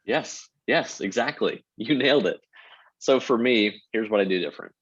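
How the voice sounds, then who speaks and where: An energetic man with a fairly low voice explains his sales approach step by step. He talks casually, as a podcast guest on a remote call. The sound is dry and a little dull, like lo-fi call audio. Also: moderate pace, breathy edge, dry recording. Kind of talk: casual interview talk.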